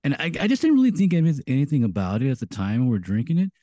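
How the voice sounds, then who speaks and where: A man's voice: mid-range voice, wildly swooping pitch, racing, dark tone, no room sound, studio quality. A man co-hosting a casual beer podcast, hesitant and often searching for the right word. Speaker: podcast co-host. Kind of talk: casual chat.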